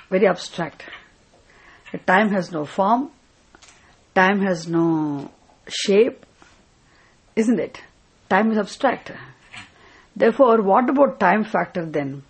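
Husky woman teaching. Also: medium pitch, poor audio. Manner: questioning, repeats points, asks "isn't it?". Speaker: spiritual teacher. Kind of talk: Vedanta scripture class.

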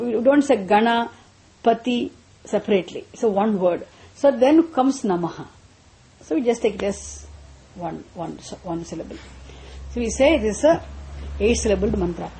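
A woman teaching a class on Sanskrit mantras. She explains patiently, often repeats and restarts her phrases, and chants some lines slowly. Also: on the high side, darkish tone.

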